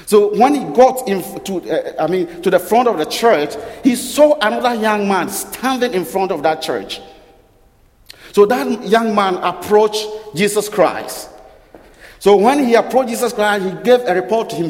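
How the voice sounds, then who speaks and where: A man's voice: sits high, expressive, moderate pace, a little mellow. A man preaching a sermon, firing rhetorical questions, repeating phrases and correcting himself as he goes. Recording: long reverb of a large hall.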